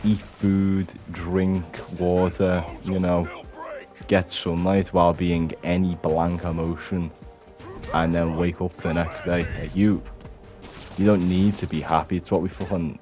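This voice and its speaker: A man's voice: sits low, flat delivery, unhurried, over music. A young man ranting bluntly to camera, swearing often and restarting his sentences. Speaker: vlogger. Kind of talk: unscripted rant to camera.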